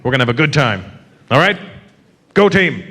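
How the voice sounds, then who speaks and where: A man voicing an easygoing male team captain giving a relaxed, low-voiced pep talk. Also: normal speed, slightly rough, exaggerated voice. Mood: laid-back. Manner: low, relaxed, matter-of-fact.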